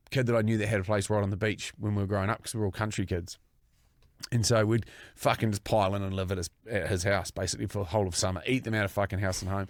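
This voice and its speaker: Sweary, animated man in his forties. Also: fairly low pitch, no echo, clean studio sound. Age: 40s. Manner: sweary, animated anecdote telling with acted quotes. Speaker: podcast co-host. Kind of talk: casual storytelling chat.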